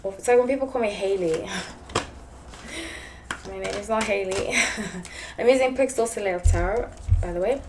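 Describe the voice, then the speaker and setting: Woman, South African English accent, tarot reader, rambling casual monologue, mid pitch, faint background noise. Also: normal speed, long pauses. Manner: chatty, rambling, laughs often.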